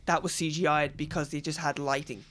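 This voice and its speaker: Man, high-pitched podcast co-host, casual chat, eager rambling stories. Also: fairly even intonation, a little fast, a bit bright.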